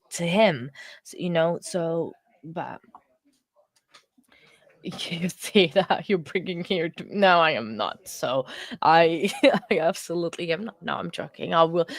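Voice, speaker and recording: A woman hosting a live stream, chatting with viewers in an earnest, emotional way, halting with many fillers and restarts. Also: deep voice, vocal fry, no echo. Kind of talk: casual chat with live viewers about a court case.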